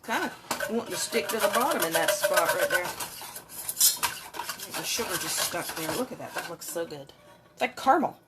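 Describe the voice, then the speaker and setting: A woman's voice: lowish voice, lively intonation, moderate pace, long pauses, heavy background noise. Chatty woman cooking in a kitchen. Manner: chatty, talks to viewers while working. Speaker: home cook filming a cook-along. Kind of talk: casual cooking livestream. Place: home kitchen. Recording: kitchen with clattering dishes and utensils.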